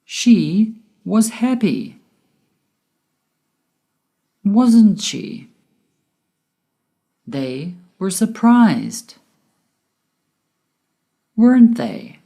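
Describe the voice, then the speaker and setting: A woman teaching an English grammar lesson from a script, slow and deliberate, with exaggerated rising and falling intonation on her examples. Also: medium pitch, sing-song, vocal fry, mellow.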